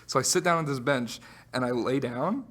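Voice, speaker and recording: A man's voice: mid-range voice, moderate pace, a bit bright. A young man in his late teens, co-hosting a casual podcast, telling a story with lots of laughs, "like"s and acted-out voices. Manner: laughs while telling, acts out voices, many likes. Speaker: podcast co-host.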